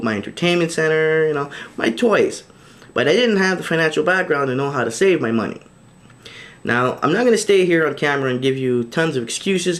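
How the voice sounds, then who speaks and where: A man speaking directly into a camera for his own video diary, earnest and a little pleading. His voice sits in a plain middle pitch, and he stumbles over restarts and fillers as he works his way to each point. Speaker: vlogger.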